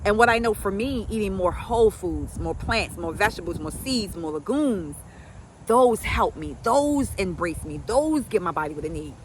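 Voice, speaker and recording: A woman's voice: medium pitch, expressive, normal speed, a little hiss or hum, low-quality recording. A middle-aged woman, a health coach telling a story in a folksy, emphatic, preachy way. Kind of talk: casual storytelling to camera.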